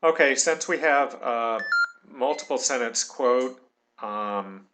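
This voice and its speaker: Slow, bright-voiced man teaching. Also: medium pitch, a little hiss or hum. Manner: slow, thinking aloud, dictating punctuation. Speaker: tutorial instructor. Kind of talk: screen-recorded tutorial.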